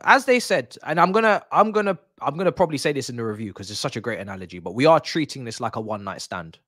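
A man hosting a live football watch-along, chatting excitedly to his viewers as a fan. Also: medium pitch, fast, dry recording, studio quality. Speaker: football fan channel host.

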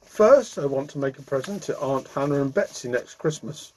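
A man's voice: mid-range voice, lively intonation, moderate pace, a little mellow, close to an everyday voice, poor audio. A man voicing a timid, anxious male scarecrow who pleads and stammers through sobs. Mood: earnest.

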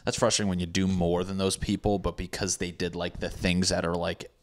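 A young man with a low voice rambles through a comedy podcast monologue. He swears freely and layers his talk with sarcastic asides. It sounds casual and unscripted. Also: level tone, a little fast. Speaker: podcast host. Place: apartment building with hammering neighbors.

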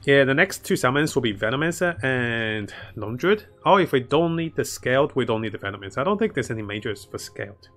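A man's voice: mid-range voice, animated, brisk, few pauses, a bit bright. A man commentating his own strategy game live, chatting to viewers and laughing often. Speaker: streamer playing a strategy game.

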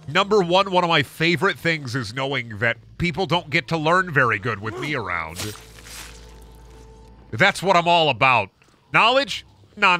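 A man's voice: mid-range voice, bright, forceful tone. A young adult man giving casual, rambling commentary while streaming a game, joking and swearing as he goes. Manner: rambling, joking, profane asides. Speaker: gaming streamer.

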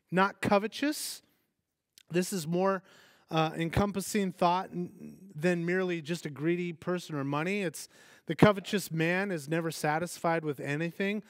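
Male pastor, conversational sermon, slightly high voice, dry close sound, asks the room questions. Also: no room sound. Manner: animated, asks the congregation questions, acts out quoted voices.

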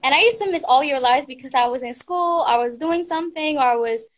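A young woman joins a live stream as a guest and chats enthusiastically. Her voice sits high, and her talk is full of "like" and quick restarts. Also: a crowd in the background. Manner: chatty, enthusiastic, lots of "like". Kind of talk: casual live stream chat.

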